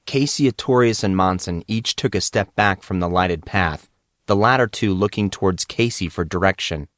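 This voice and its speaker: A man narrating an audiobook in a steady, measured reading voice. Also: low voice, no room sound, studio quality.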